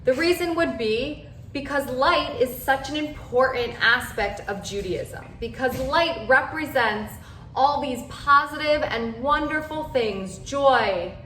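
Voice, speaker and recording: A woman cantor giving a measured, carefully explained lesson. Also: high-pitched, sharp tone, slight background noise. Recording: roomy echoey sound.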